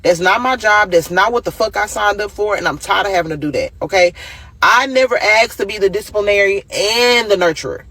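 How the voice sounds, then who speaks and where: A woman's voice: medium pitch, a little fast, a bit bright, dry recording. A woman venting angrily and with lots of profanity about raising her sons alone as a single mother. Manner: angry, profane, exasperated. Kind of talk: emotional venting monologue.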